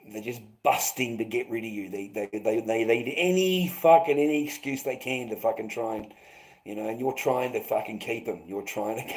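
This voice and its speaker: A middle-aged Australian man talks to his viewers in a long, bitter, rambling monologue. His voice sits fairly low, and he swears heavily, repeats himself, and keeps tossing in "mate.". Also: rough recording. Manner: profane, bitter, repetitive, calls listeners mate. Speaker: vlogger.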